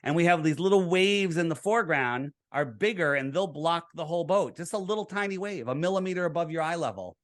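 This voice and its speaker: A man being interviewed, with a voice pitched a little above the usual for a man. He explains himself in an earnest, lecturing manner, taking the listener through his figures step by step. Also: animated, brisk, few pauses. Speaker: interview guest.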